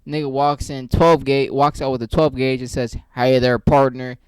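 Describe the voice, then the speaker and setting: A man's voice: mid-range voice, fairly even intonation, moderate pace, smooth, no echo. A man hosting his own channel, ranting casually and profanely about a movie, rambling and joking. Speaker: channel host reviewing a movie.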